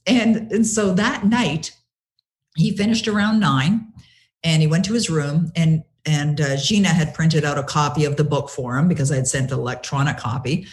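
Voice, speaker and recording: Animated woman telling a story. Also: low voice, moderate pace. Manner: animated, retells conversations with lively quoting; many fillers and restarts. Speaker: guest author. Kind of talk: storytelling interview answer.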